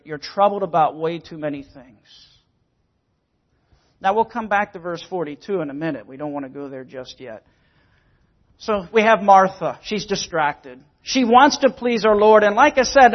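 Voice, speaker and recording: A man's voice: high voice, muffled recording. A man preaching a sermon, earnest and emphatic, sometimes repeating words as he explains scripture. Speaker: pastor.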